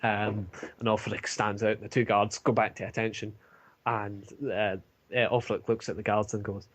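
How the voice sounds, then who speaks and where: A man running a tabletop game as game master, narrating with many pauses and fillers. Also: fairly low pitch, little pitch movement, a bit bright. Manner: hesitant, many fillers, laughs at own jokes.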